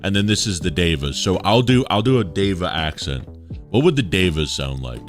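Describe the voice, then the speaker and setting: A man's voice: sits low, big pitch swings, fairly quick, faint music behind. A man reading articles aloud on a livestream, chatty, with asides to his chat.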